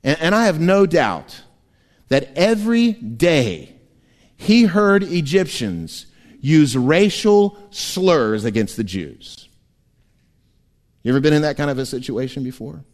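A man preaching a sermon as pastor, animated and playful, often laughing and slipping into quick voices. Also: a little high. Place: church sanctuary. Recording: long church hall reverb.

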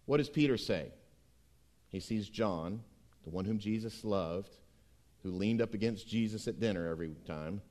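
A middle-aged man preaching a sermon as pastor, emphatic and swinging between hushed and loud delivery. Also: on the low side, moderate pace.

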